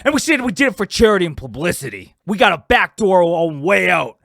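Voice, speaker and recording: A man voicing a brash, scheming watch business partner in a comedy skit, talking loudly and cursing. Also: high voice, animated, a little fast, gravelly, no echo, clean studio sound, voice pushed up, exaggerated voice. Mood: excited. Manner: loud, swaggering, cursing.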